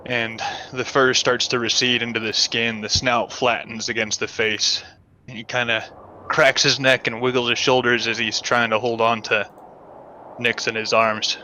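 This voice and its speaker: Bright, flat-voiced man narrating a game. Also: mid-range voice, moderate pace, slight background noise, poor audio.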